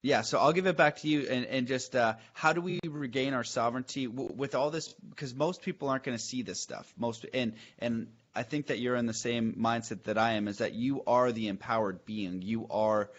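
A man's voice: mid-range voice, normal speed, few pauses, highs cut off. A man hosting a podcast, talking in an enthusiastic, searching way and restarting his questions as he thinks aloud. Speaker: podcast host. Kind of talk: casual chat.

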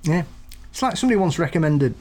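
A man's voice: fairly high pitch, very animated, fast, a little mellow. Jokey man telling rambling stories. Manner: jokey, rambling anecdotes with laughs. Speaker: podcast co-host. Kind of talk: casual chat.

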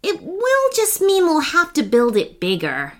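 A woman voicing Arthur, a calm, capable boy steering a rocket in a children's story. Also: high-pitched, unhurried, pitched above the performer's own voice, exaggerated voice.

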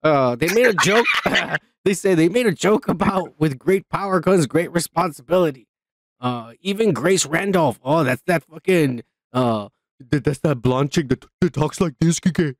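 A man's voice: on the high side, lively intonation, moderate pace, dry recording, clean studio sound. A man co-hosting a casual podcast, reading viewer comments and joking in a rambling, profane way with lots of fillers. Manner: profane, rambling, many fillers and repeated yeahs. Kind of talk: casual drunk podcast banter.

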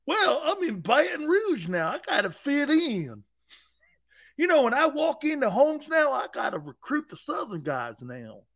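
Man doing a fake Southern drawl, middle-aged coach, folksy hillbilly twang, high, swooping pitch. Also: lively intonation, normal speed, hardly any pauses, a bit bright.

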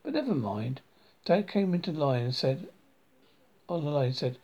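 A man's voice: fairly high pitch, very animated, normal speed, pauses often, warm tone, husky, muffled recording. A man reading a comic diary novel aloud, with frequent slips and restarts. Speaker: reader.

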